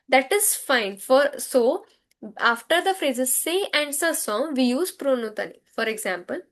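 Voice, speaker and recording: A woman with an Indian English accent teaching a French grammar lesson, drilling words slowly and having students repeat after her. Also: sits high, fairly bright tone. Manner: slow, repetitive drilling with call-and-response.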